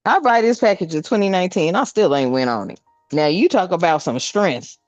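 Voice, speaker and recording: A woman's voice: lowish voice, animated, a little fast, no room sound, muffled recording, faint music behind. A woman giving a casual spiritual card reading, laughing often and calling her viewers family. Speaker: spiritual reader.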